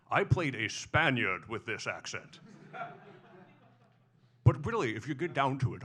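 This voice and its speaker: A man's voice: mid-range voice, bright, forceful tone, exaggerated voice. A man on stage impersonating a smug older Scottish film star who lisps and drawls. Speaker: comedic narrator. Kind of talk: live stage impression. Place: small comedy venue.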